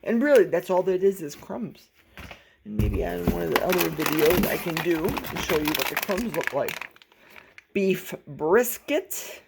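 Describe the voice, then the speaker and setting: A woman's voice: lowish voice, big pitch swings, unhurried, creaky, loud music behind the voice. A woman chatting casually through an unboxing vlog, folksy and playful, with cheerful exclamations and handheld camera. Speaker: vlogger. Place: home in a forest.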